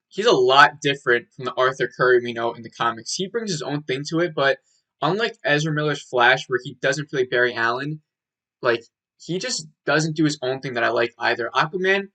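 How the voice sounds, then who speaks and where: A man's voice: a little high, pushed and bright, poor audio. A young man giving a rambling, casual movie review, full of filler words and swearing.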